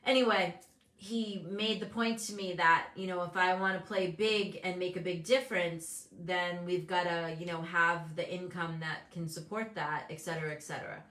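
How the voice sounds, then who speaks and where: A woman's voice: fairly low pitch, fairly even intonation, normal speed, a bit bright, roomy sound. A woman hosting a casual motivational talk show, speaking candidly and animatedly, acting out the voices of people she quotes. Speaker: host and business coach.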